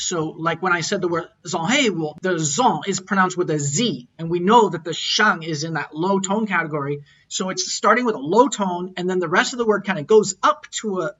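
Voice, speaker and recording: A man's voice: high-pitched, fairly bright tone, dull audio. Man explaining tones in a lecture. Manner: explanatory, repeats words while thinking, models tones aloud. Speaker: language teacher. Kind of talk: recorded lecture.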